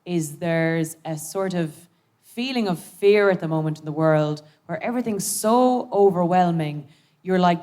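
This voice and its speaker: Woman, comedian guest, live stage, lower voice, chatty, animated, jokey storytelling. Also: measured pace. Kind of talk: lively onstage storytelling. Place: live theatre stage before an audience.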